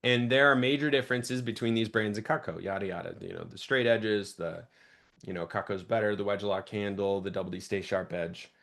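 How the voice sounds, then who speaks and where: A young man with a somewhat low voice trains a sales team. He talks with energy, speeding up and slowing down and changing his loudness to drive points home. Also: vocal fry. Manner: energetic, varies pace and volume for emphasis. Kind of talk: coaching talk to a sales team.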